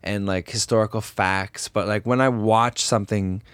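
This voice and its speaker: A man's voice: on the low side, steady tone, normal speed, a bit bright, clear, resonant tone, no room sound, studio quality. Young man rambling with lots of "like". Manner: filler-heavy, says "like" a lot. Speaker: podcast co-host. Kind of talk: casual hockey chat.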